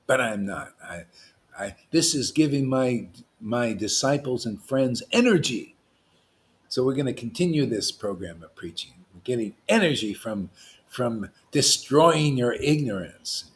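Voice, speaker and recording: A man, a spiritual teacher, giving an informal devotional talk, provocative and animated, swinging from loud bursts to hushed asides and laughing often. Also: mid-range voice, unhurried.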